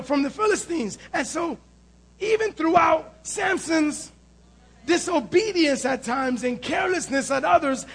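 Male pastor, sermon delivery: strikingly high voice, loud emphatic preaching, sarcastic humor between points. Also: creaky. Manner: shouting, emphatic preaching with calls of "Amen?"; wry sarcastic asides. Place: church before a congregation.

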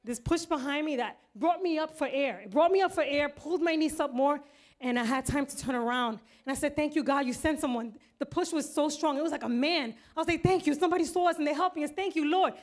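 A woman's voice: high voice, fairly quick. A woman in her thirties telling a personal testimony to a congregation, earnest and vivid, acting out the voices in her story. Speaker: church member giving testimony.

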